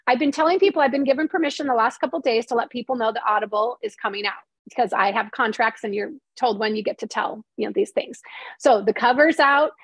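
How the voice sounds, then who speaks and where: A woman's voice: on the high side, quick pace, breathy edge, no room sound, rough recording. A woman screenwriter and novelist, talking in a casual interview and telling stories animatedly, with many restarts.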